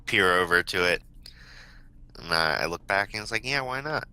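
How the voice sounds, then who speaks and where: Very deep bright-toned man playing. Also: moderate pace, smooth, no echo, low-quality recording. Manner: offhand, blunt. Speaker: player. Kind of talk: playing a tabletop game.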